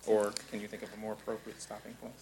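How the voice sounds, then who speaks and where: A man's voice: lowish voice, quick pace, creaky, slight background noise, poor audio. A man emceeing a writing contest at a live event, announcing the winner and joking casually with her, a little away from the mic. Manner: relaxed, joking aside.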